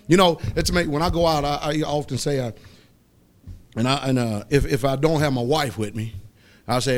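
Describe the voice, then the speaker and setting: A man's voice: mid-range voice, lively intonation, quick pace. Preaching man with a drawl. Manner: preaching, swinging from loud exhortation to soft asides. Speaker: pastor. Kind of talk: sermon. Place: church.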